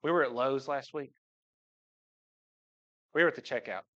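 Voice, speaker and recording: A man's voice: medium pitch, moderate pace, pushed and bright, highs cut off. A man, giving a heartfelt, joking personal talk to his church congregation. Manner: joking storyteller, voice jumps up when imitating. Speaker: church member speaking to the congregation. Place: church sanctuary.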